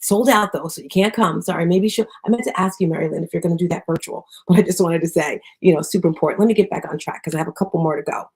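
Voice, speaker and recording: A woman's voice: fairly low pitch, fast talker, hardly any pauses, slightly rough. Upbeat woman hosting an audio chat. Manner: upbeat, affectionate, chatty. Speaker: host. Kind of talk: motivational audio chat room talk.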